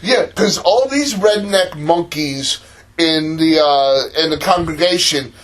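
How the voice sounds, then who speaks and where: A man's voice: a little high, slow pace, a bit bright, poor audio. A man co-hosting a podcast, talking in slangy casual chat and quoting characters as he recaps an episode. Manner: slangy, laughs often, quotes characters. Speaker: podcast co-host.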